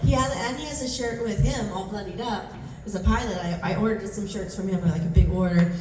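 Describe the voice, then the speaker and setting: A woman's voice: medium pitch, a little fast, a little mellow. A woman moderating a convention panel Q&A, gushing and bubbly as she talks. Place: large convention hall. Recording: roomy hall, distant mic, faint noise.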